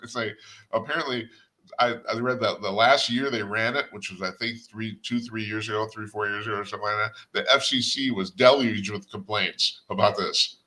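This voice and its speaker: A man's voice: on the low side, fairly even intonation, normal speed, sharp tone. An older man hosting a talk radio show, giving a blunt, rambling opinion monologue with chuckles and restarts.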